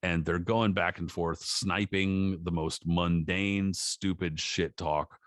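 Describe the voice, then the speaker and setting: Low-voiced male podcast co-host, dry close mic, swears freely while telling stories. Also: slow, no echo. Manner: profane, animated storytelling with acted quotes. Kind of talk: casual chat.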